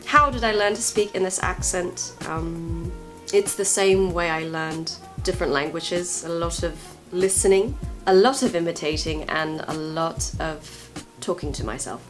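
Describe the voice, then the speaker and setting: A woman's voice: on the low side, measured pace. A woman in her twenties from California, talking playfully in a put-on British accent and enunciating carefully while she has a cold. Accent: put-on British English over American. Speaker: vlogger. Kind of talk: casual vlog chat, reading aloud. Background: background music.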